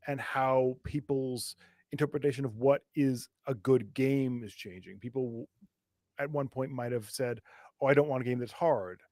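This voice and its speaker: A man's voice: medium pitch, darkish tone, no echo, clean studio sound. A man co-hosting a gaming podcast in casual chat, earnest and thinking aloud with restarts. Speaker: podcast co-host.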